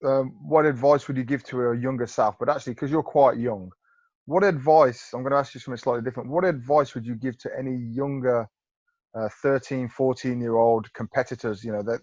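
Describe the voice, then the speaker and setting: A man co-hosting a casual interview, quick and joking with his guest. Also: medium pitch, a little mellow, no echo. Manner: jokey, fast. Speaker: podcast co-host. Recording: dull dry call audio.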